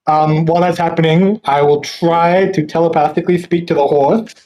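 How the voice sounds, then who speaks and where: A man's voice: fairly high pitch, fairly even intonation, moderate pace, mellow, a little hiss or hum, poor audio. A man playing in a tabletop game, speaking casually as he plans his character's actions aloud. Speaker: player.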